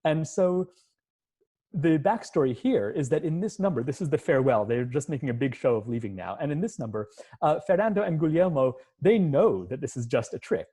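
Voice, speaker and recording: A man's voice: on the high side, animated, a little fast, mellow, husky. A man, a music professor, giving an online lecture and explaining scenes step by step, at times humming the musical lines. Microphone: computer mic on a video call.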